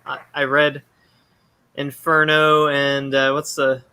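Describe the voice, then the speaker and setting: Bright-voiced male host. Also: mid-range voice, monotone, slow, smooth. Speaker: show host. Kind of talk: casual interview chat.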